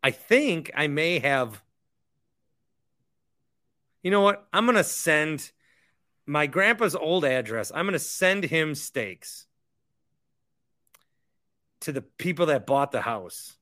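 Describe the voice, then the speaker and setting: Young male podcast host, heated ranter, forceful and slightly high voice. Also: animated, takes it slowly, pauses often. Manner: heated, ranting, repeats himself. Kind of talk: casual sports talk monologue.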